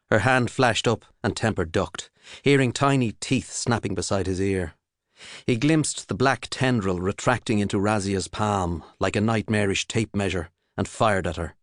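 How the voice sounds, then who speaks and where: A man narrating an audiobook in a steady, measured storytelling manner. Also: lowish voice, no echo, clean studio sound. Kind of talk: scripted narration.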